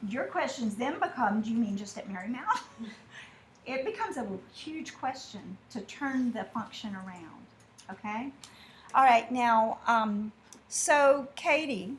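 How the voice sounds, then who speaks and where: A woman teaches a class in a slightly high voice. She talks in a chatty way and acts out little exchanges to make her point. Faint classroom ambience sits behind her. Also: animated, slight background noise. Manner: chatty, with drawn-out asides and mimicked dialogue. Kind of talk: classroom lesson.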